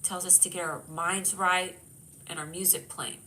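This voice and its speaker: A woman's voice: lowish voice, steady tone, moderate pace, pushed and bright, slight background noise, poor audio. A woman hosting a live stream, chatting casually and joking with her chat, her voice whiny from a stuffed-up nose. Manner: chatty, jokey, reads chat aloud. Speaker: livestream host.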